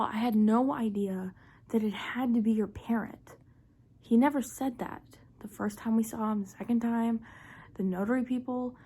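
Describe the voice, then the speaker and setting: Young woman, husky, gravelly, dark tone, casual storytime, half-whispered, lots of "like". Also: mid-range voice, fairly even intonation, moderate pace. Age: young adult. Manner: chatty, frequent "like" fillers, often half-whispered. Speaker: vlogger.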